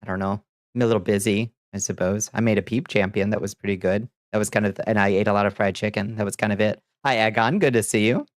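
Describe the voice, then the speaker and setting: A livestream host with a blocked, stuffy nose, talking easily with viewers and breaking into frequent laughs. The voice sits at a middling pitch and sounds dry and close, recorded at a home desk mic with no room echo. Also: fairly even intonation, fast. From Southern United States. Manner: chatty, laughs often, trails off and restarts. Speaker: VTuber streamer host. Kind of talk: casual livestream chat, reading chat aloud.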